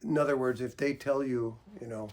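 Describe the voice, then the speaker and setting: A man counselor calmly giving advice, patient and gentle, explaining through examples. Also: mid-range voice, brisk. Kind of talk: calm instructional talk.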